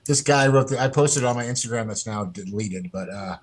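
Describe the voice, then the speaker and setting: A man's voice: fairly low pitch, a little fast, husky. A man chatting as a guest on a podcast, profane and rambling as he tells stories. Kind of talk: casual podcast chat.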